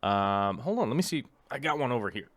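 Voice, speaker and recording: A man's voice: mid-range voice, sing-song, fairly quick, fairly bright tone. A middle-aged man hosting a livestream in casual chat. He rambles with many ums and restarts and reads viewer comments aloud. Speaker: livestream host.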